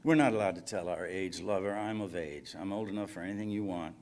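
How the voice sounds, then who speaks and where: A man's voice: deep voice, quick pace, darkish tone, a little hiss or hum, lightly acted. A man reading fiction aloud, voicing a guarded, curt woman who works a phone-sex line. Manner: curt, coolly evasive.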